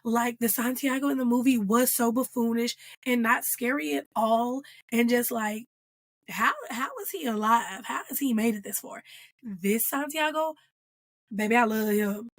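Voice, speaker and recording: A woman giving a casual, animated reaction review of a TV episode, playful and full of slang. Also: fairly high pitch, moderate pace, no echo.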